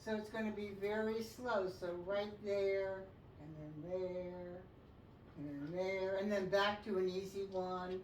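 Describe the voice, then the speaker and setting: A woman dog trainer coaching a session, calmly instructing and breaking into high, excited praise for the dog. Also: unhurried. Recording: echoey, distant mic, faint noise.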